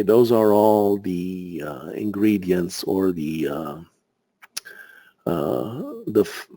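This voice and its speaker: A man's voice: deep voice, a little mellow. A man hosting a live market webinar, searching for words as he goes through charts and answers viewer questions, sounding tired and out of breath. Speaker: market analyst host.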